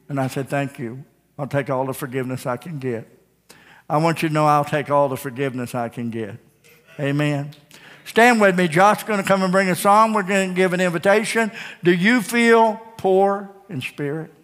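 A man's voice: fairly high pitch, normal speed, fairly bright tone. Folksy preacher man, reverberant sanctuary. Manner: folksy storytelling preacher, jokes with the congregation. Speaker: pastor. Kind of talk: sermon. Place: church sanctuary. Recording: live church sound with long reverb and faint guitar.

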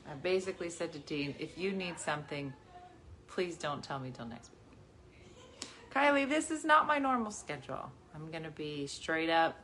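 A woman in her forties hosting a casual chat with viewers from her living room, chatty and animated, jumping from topic to topic. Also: sits low, normal speed, a little hiss or hum. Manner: chatty, animated, jumps between topics and laughs often. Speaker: livestream host.

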